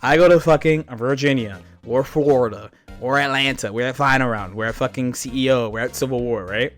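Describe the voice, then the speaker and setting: A man streaming, telling stories in animated, profane casual chat with frequent laughs. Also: mid-range voice, fairly quick, faint music behind. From United States. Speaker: streamer reacting to a video.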